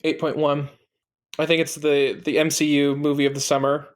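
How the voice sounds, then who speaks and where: A man's voice: a little high, flat delivery, normal speed. A man co-hosting a casual podcast, chatty and mock-indignant when he loses. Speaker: podcast co-host. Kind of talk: casual chat.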